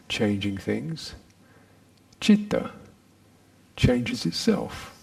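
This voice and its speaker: Gravelly, husky-voiced male meditation teacher. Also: medium pitch. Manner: slow, halting phrasing with many pauses; drops to a soft whisper on repeated phrases. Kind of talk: meditation retreat dharma talk.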